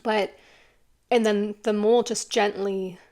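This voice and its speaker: A woman giving a casual, earnest tarot reading, rambling warmly with many fillers and growing teary as she talks. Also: mid-range voice, steady tone, a little slow. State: tearful at times. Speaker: tarot reader.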